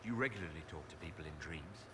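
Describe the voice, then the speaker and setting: A man's voice: deep voice, quick pace, sharp tone. An actor playing an earnest male hero leader who asks plain, curious questions. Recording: clear game ambience behind.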